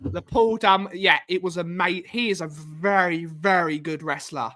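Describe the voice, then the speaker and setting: A man's voice: sits high, steady tone, a little slow, bright, forceful tone. A man co-hosting a casual livestream chat, enthusiastic and greeting viewers by name. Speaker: livestream co-host.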